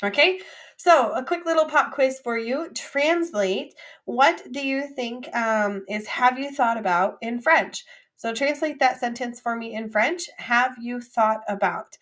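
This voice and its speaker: A woman teaching a recorded French vocabulary lesson, drilling phrases with clear, upbeat repeat-after-me prompts. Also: a little high, measured pace, a bit bright.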